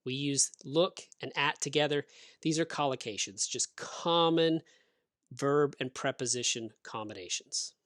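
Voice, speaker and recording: A man teaching English grammar, explaining rules slowly and clearly with example sentences. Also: mid-range voice, fairly bright tone, no room sound, studio quality. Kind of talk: grammar lesson.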